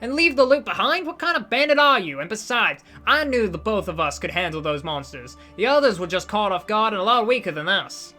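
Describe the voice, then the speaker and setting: Brash loot-hungry bandit, male, bright and pushy, voiced by a man. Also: sits high, lively intonation, a little fast, hardly any pauses, faint music behind, pitched above the performer's own voice. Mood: defiant. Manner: defiant and loud.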